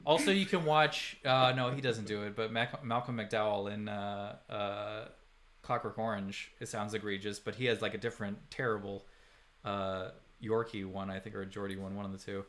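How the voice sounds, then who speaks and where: A man's voice: on the low side, level tone, normal speed, a bit bright. A man hosting a podcast, chatting casually and ranting sarcastically with some swearing. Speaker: podcast host. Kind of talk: casual chat.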